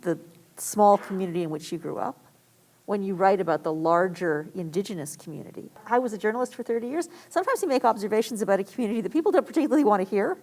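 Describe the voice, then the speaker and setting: A woman's voice: medium pitch, animated, fast talker, darkish tone. A woman moderating a panel discussion at a lecture event, asking questions in an engaged, conversational way.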